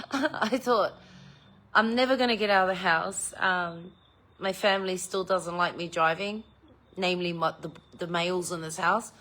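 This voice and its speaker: Chatty middle-aged woman, lowish voice. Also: measured pace. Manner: chatty, swears freely, animated storytelling. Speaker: vlogger chatting live with viewers. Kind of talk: casual chat.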